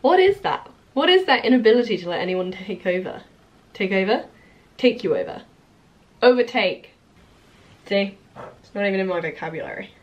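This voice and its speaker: A woman's voice: mid-range voice, expressive, normal speed, pauses often. A young woman, a comedian, chatting in a casual vlog and teasing an audience with playful crowd work, laughing often. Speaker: stand-up comedian and vlogger. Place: small comedy venue with an audience. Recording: echoey room, far from mic, crowd noise.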